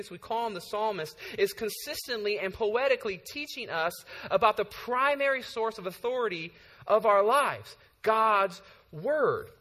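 A man with a high, bright voice preaches a sermon, telling the story casually and tossing in frequent "right?" asides. He sounds like a pastor speaking plainly to his congregation. His words ring out with long reverb in a large hall. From San Francisco Bay Area.

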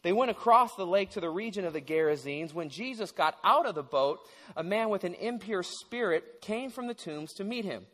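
High-voiced man preaching in an echoey hall. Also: moderate pace. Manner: animated storytelling with stammers and restarts. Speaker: pastor. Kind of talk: sermon.

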